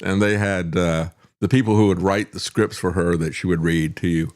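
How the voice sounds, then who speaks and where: A man's voice: low voice, fairly even intonation, normal speed, a little mellow. An older man hosting a talk show, giving a sarcastic political monologue with chuckling asides and frequent "uh" fillers. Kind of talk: opinionated political commentary monologue.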